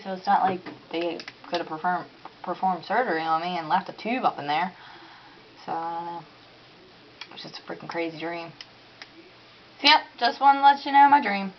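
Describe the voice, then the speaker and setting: A young woman telling a story in a casual vlog at home, animated and chatty, full of "like" and "dude", acting out her own panic. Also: on the low side, vocal fry, lo-fi sound, slight background noise.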